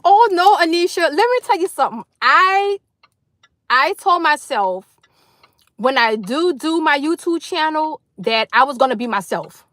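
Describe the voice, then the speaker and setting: A woman's voice: high voice, expressive, unhurried, a bit bright, no room sound. A woman hosting a casual livestream from her car in a carpool line, talking effusively to her viewers and greeting them by name. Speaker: livestream host. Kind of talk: casual live chat with viewers.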